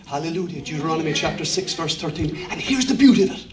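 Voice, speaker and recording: A man with an Irish accent and a very high voice preaches in a lively, joking way, rising to shouts at high points. His voice rings through a roomy church and sounds set back from the mic. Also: fast, hardly any pauses, far from the mic. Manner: humorous, lively, shouting at climaxes. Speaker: pastor. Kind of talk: sermon.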